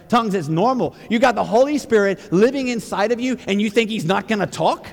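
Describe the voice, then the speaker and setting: Passionate preacher with a gravelly edge. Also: male voice, sits high, fairly quick, few pauses, in a large hall. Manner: passionate, rhetorical questions, builds to near-shouting. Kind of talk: sermon.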